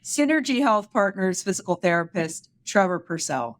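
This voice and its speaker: A woman's voice: mid-range voice, expressive, normal speed. A woman hosting a medical podcast, cheerful and smiling as she talks, interviewing a guest in a casual chat. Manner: cheerful, smiling, laughing easily. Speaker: podcast host.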